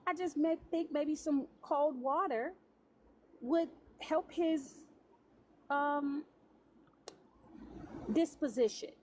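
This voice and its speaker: A woman's voice: high voice, takes it slowly, long pauses, darkish tone. A woman hosting a livestream debate, cutting callers off and talking down to them. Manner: condescending, cuts callers off. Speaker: livestream host.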